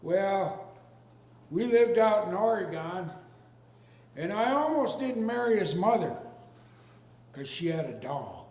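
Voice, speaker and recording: Older guy spinning a folksy deadpan yarn, slow, kinda high voice, echoey hall. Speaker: storyteller. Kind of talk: live comic storytelling. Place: arts venue stage with a live audience. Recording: echoey hall with long reverb.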